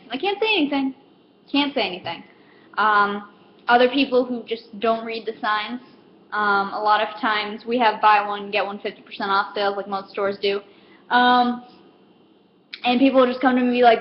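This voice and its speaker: A young woman, working as a comedic vlogger, rambles through a casual stand-up style monologue full of fillers, acting out customers as she goes. Her voice sits a little high and moves a little fast. The recording is roomy and dull, a lo-fi capture with faint hiss.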